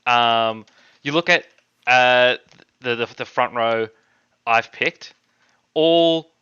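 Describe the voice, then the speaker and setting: A man's voice: medium pitch, slow pace, sharp tone, clear, resonant tone, muffled recording. A man from Australia co-hosting a casual fantasy draft chat, rambling and correcting himself as he picks. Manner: rambling, self-correcting, easily laughs at himself. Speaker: co-host.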